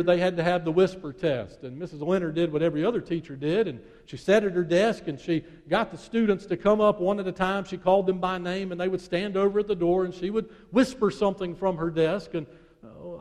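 A male pastor preaching a sermon, telling a story in hushed tones that rise and build, then leading a prayer. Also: a little high, long reverb tail.

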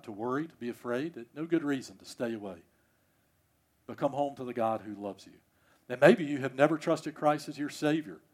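A male pastor preaching a sermon in church. He swings between loud, emphatic passages and hushed ones. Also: mid-range voice. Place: church, service also streamed.

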